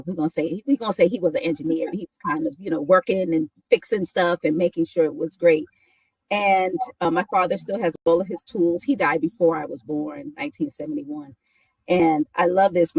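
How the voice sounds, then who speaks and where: A woman's voice: on the low side, creaky, a little mellow, husky, no room sound, distant mic, low-quality recording. A woman from New York, a guest on a talk show, speaking reflectively with many restarts and "right?" asides. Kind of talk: casual conversation.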